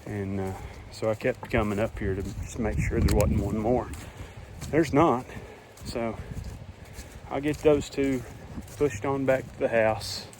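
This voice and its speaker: Out in a farm field, a young farmer vlogs about fencing, speaking casually to a phone set up close by. His mid-range voice stays fairly even and unhurried as he plainly thinks aloud while working, with noticeable background noise around him.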